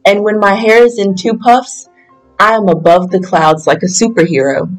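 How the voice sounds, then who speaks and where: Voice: mid-range voice, steady tone, moderate pace, faint music behind, rough recording. A reader giving a children's picture book a plain first-person reading. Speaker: storyteller.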